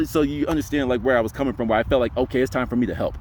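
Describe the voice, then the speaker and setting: Fast, rambling young man telling a story. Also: medium pitch, darkish tone, a little hiss or hum. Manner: rambling, heavy on fillers like "you know". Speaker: spiritual vlogger. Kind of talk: casual storytelling vlog.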